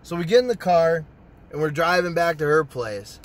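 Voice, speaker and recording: A young man telling a personal story to his channel in a casual, profane, excitable way. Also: a little high, moderate pace. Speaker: storytime vlogger.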